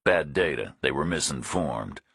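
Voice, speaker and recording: A tough, blunt male hero speaks in a flat, matter-of-fact way, voiced by a male narrator. His voice is extremely deep and husky. The sound is dry and close-miked. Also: a little slow, dry recording, heavily acted. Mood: threatening. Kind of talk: audiobook character voice.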